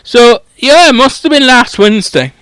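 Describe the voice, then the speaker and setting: Man putting on a gruff groundskeeper, sweary, rambling, raised pitch, lively, smooth, dry. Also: normal speed, dry recording. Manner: swears constantly, rambling and blunt. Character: gruff foul-mouthed giant groundskeeper, pub-loving.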